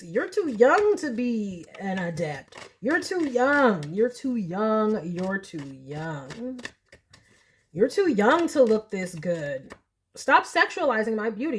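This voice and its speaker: A young woman giving a casual pick-a-card tarot reading, chatty and animated, often laughing. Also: on the high side, husky. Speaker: tarot reader.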